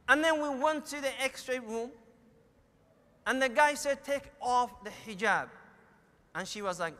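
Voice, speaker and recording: A middle-aged man with a Somali accent preaches a sermon, telling a family story and acting out its dialogue. His high-sitting voice is animated and sharp in tone, moving a little slowly, and the hall is echoey.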